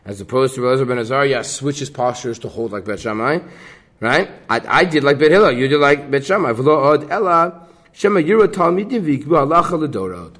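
A man teaching a Talmud class, reading the Aramaic text and explaining it in English with a lively delivery. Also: mid-range voice, brisk. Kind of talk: Gemara class.

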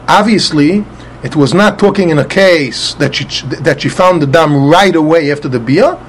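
A man's voice: on the high side, moderate pace, hardly any pauses, a little hiss or hum. A man teaching a Talmud passage, methodically spelling out letters and often repeating words as he explains. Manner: spells out Hebrew letters and vowels with Ashkenazi pronunciation.

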